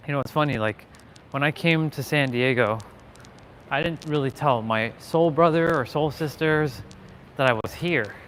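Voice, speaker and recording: Heading to his car across a parking lot, a young man from Canada rambles on his live stream, full of fillers and false starts. He speaks at a normal speed in a fairly high, fairly bright voice, with slight background noise.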